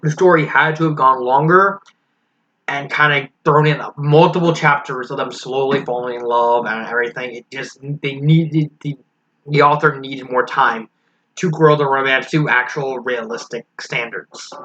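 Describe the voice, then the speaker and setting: Bright-voiced man giving a frank review. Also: mid-range voice, normal speed. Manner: frank, critical, thinking aloud. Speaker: fan fiction reviewer. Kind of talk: casual spoken review. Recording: slightly dull lo-fi recording with faint hiss.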